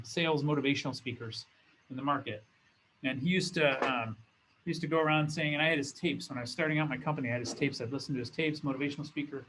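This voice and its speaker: A man's voice: fairly high pitch, bright, forceful tone, slight background noise, rough recording. A man teaching as a business school professor in a recorded lecture, talking in a conversational way and often restarting his phrases. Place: classroom or studio with a document camera.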